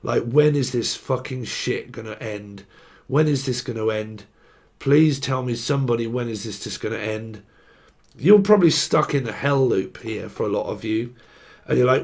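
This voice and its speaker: A man's voice: mid-range voice, moderate pace, vocal fry, darkish tone. A young man giving a tarot reading in a loose, rambling way, swearing freely and laughing at his own jokes. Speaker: tarot reader. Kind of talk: casual unscripted tarot reading.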